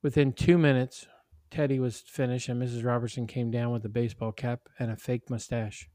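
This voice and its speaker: A man narrating a children's story aloud in a plain, steady voice. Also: medium pitch, a little fast, no room sound, clean studio sound.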